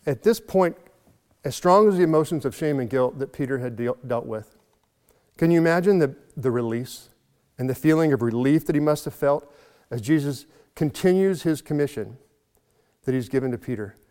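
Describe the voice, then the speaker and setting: A man preaching a sermon in an earnest way, slowing down and building up for emphasis. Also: medium pitch, lively intonation, a little mellow, in a large hall. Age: adult, has a son. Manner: earnest, slows and swells for emphasis. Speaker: pastor.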